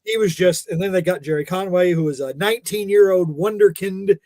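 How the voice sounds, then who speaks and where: A man's voice: high-pitched, fairly quick, a little mellow, no room sound. A man co-hosting a casual comics podcast, rambling with many restarts and wry jokes. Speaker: podcast co-host.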